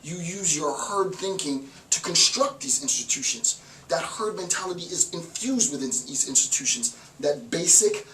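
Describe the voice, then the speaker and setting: A male professor giving an emphatic, animated philosophy lecture, repeating lines for effect. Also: a little high, normal speed. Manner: emphatic, repetitive, animated, with laughs. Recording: roomy, distant mic, faint noise.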